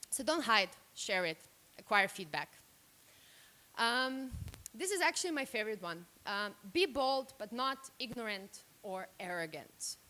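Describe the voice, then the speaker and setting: A woman from Serbia and Slovenia giving a workshop talk at a microphone, direct and animated, acting out the reactions she quotes. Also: on the high side. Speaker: workshop speaker. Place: room. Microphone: handheld microphone.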